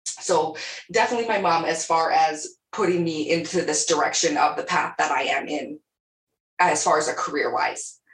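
A woman's voice: deep voice, moderate pace, fairly bright tone. Bubbly Western Canadian woman, roomy sound. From Alberta, Canada. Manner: bubbly, laughs often. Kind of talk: casual interview chat.

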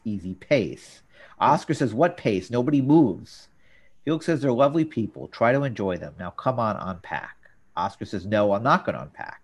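A man hosting a casual talk show, recapping scenes and jumping into quoted lines with an animated delivery. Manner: animated, jumps up in pitch for quoted characters. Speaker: podcast host.

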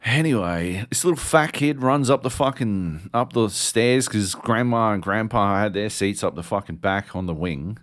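A man, co-hosting a podcast and telling a story in an animated, swearing way. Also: on the low side, normal speed, few pauses. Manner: animated, swears a lot, acts out voices. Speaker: podcast co-host. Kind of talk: casual storytelling chat.

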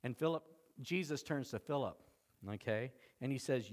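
A man preaching a sermon as pastor, animated and conversational, often laughing. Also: mid-range voice, normal speed.

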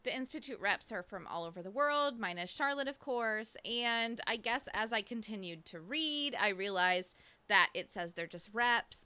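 Bright, chatty woman podcast co-host. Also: a little high, no echo. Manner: chatty, laughs often, swears. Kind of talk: casual book recap chat.

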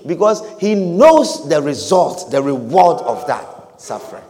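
A man preaching a sermon, animated and repetitive, with calls of hallelujah and amen. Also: high voice, normal speed, big-room sound.

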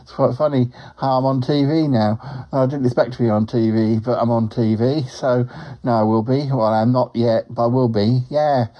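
A man's voice: medium pitch, steady tone, normal speed, dull audio, natural voice. A man voicing a chatty, lonely male talking duck who rambles and drops quacks into his speech. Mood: rambling. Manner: rambling, drops in quacks, laughs at own jokes. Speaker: show regular. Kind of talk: comic character monologue.

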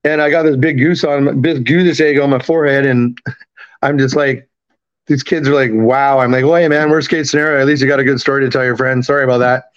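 A man in his fifties, raised in Canada, telling a story in a casual, profane, animated way and acting out the quotes. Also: mid-range voice, brisk, muffled recording. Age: 50s. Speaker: podcast guest.

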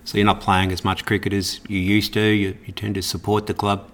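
A fairly low-voiced man hosts a casual club interview. He asks questions in a friendly, matey way, calling his guest "mate". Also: little pitch movement, fairly quick.

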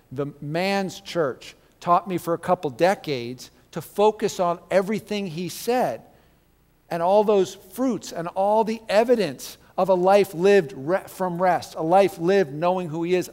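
A man's voice: a little high, a little mellow, long reverb tail. A man teaching a Bible class in a conversational, digressive sermon style with joking asides.

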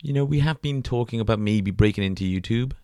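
A man's voice: lowish voice, fast talker, a little mellow, no room sound, studio quality. A man co-hosting a podcast, rambling and joking with plenty of swearing. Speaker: podcast co-host. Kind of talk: casual crude banter.

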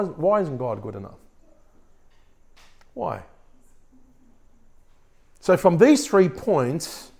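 A male pastor preaches a sermon, his pitch rising and falling with lively energy. His voice sits a little high for a man, and he reads scripture aloud along the way.

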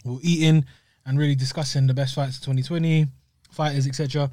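A man co-hosting a podcast, explaining things in a laid-back, steady way over a meal. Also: medium pitch, fast, no room sound, studio quality. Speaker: podcast co-host. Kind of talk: casual chat while eating.

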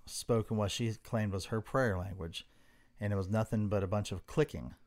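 A man co-hosting a casual talk podcast, telling a story in a relaxed conversational way. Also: on the low side, moderate pace. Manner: tells stories, briefly mimics voices. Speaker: podcast co-host.

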